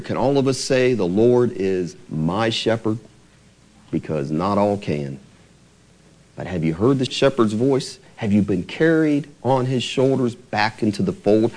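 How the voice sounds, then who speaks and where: A male preacher delivers an earnest church sermon in a fairly high, very animated voice. His pitch rises and falls for emphasis, and he deliberately slows down whenever he quotes scripture.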